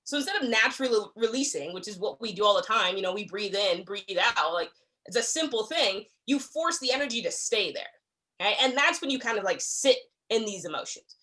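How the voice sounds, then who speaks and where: A woman's voice: mid-range voice, lively intonation, a little fast, pushed and bright. A young adult woman leading a staff training talk, speaking conversationally with frequent check-ins and acting out little exchanges. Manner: acts out quoted exchanges. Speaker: workplace trainer.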